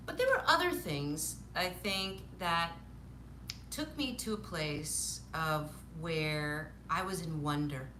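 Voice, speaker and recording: A woman in her fifties telling stories from her childhood on a live stream, animated, laughing often and acting out what people said. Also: low-pitched, slow, slight background noise. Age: 50s. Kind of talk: casual storytelling on a live stream. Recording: roomy echo.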